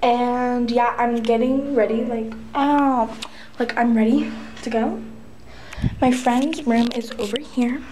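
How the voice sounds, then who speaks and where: A woman's voice: on the high side, fairly even intonation, takes it slowly, background noise. A woman talking casually to camera for her vlog, loose and chatty, recorded on a phone or handheld camera. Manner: chatty, loose, full of "like" and "so yeah". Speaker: vlogger.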